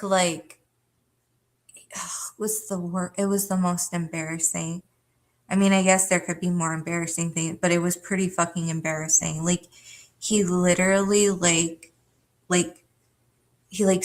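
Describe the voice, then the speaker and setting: A woman's voice: lowish voice, flat delivery, measured pace. Rambling, swearing woman telling a story. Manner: rambling, profane, laughs often, lots of fillers. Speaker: livestream host. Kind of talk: casual storytelling to a live chat.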